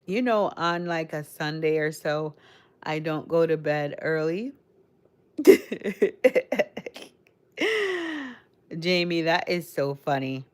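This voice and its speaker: Her voice is deep, clear and resonant, steady in tone and a little slow. She's a livestream host from the Caribbean, raised in Connecticut, with a mixed Caribbean-American accent, chatting with viewers in a rambling way and speaking right to the chat.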